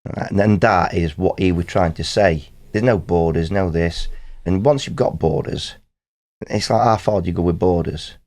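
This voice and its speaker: A middle-aged man from Nottinghamshire, England, a band guest with a Nottinghamshire accent, tells rambling stories on a casual podcast and laughs often. His voice is low and a little mellow, at a moderate pace.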